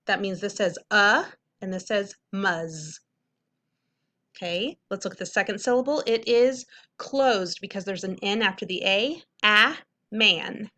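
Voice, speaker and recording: A woman's voice: mid-range voice, brisk, few pauses. A young woman teacher patiently explaining a reading lesson to middle schoolers, checking in often. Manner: clear, patient explaining with frequent "okay?" checks.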